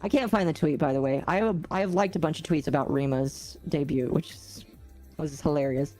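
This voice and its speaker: A woman's voice: deep voice, fairly quick, a little mellow, soft background music. A woman streamer chatting casually with her viewers, rambling and often correcting herself. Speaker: gaming streamer. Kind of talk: casual livestream chat.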